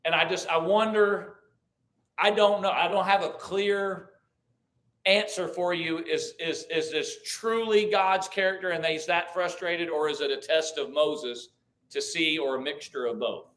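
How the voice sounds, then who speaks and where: A man's voice: on the high side, fairly even intonation, a little slow, fairly bright tone. A man teaching a church Bible class, thinking aloud with restarts, reading verses and asking the group questions. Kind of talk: conversational Bible study teaching.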